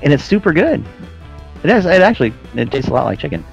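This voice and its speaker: A man's voice: a little high, sing-song, fast talker, gravelly, lo-fi sound, faint music behind. A man chatting casually as a podcast guest, telling a story with lots of laughing and "dude" and "man". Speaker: podcast guest, flight sim air traffic controller.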